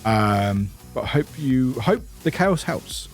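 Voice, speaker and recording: A man's voice: mid-range voice, sing-song, takes it slowly, soft background music. A man streaming a game and chatting casually with viewers, rambling, laughing often and swearing casually.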